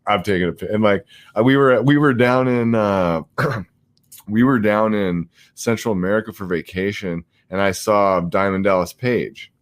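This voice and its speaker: A man's voice: on the low side, moderate pace, no room sound. A man hosting a casual podcast chat, laid-back and rambling with lots of fillers. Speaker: podcast host.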